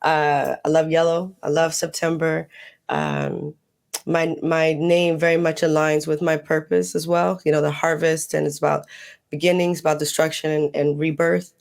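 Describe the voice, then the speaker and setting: A woman speaking as a guest in a casual podcast conversation, reflective and slow, laughing often as she talks. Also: low voice, gravelly, darkish tone. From United States. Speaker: guest, holistic healer.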